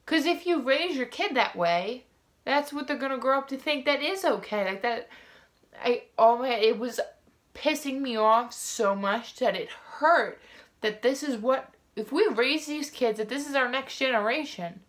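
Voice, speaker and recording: A woman's voice: high-pitched, lively intonation, a little slow. A woman vlogger telling a story to camera in a casual, rambling way, full of "like" fillers and restarts, frank and indignant.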